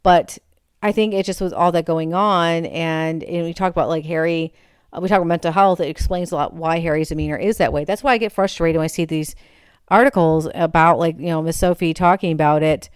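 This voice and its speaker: Lower-voiced lady in her 40s rambling through a story, animated, corrects herself a lot, smooth tone. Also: fairly quick, dry recording, clean studio sound. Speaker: vlogger. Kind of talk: casual storytelling chat.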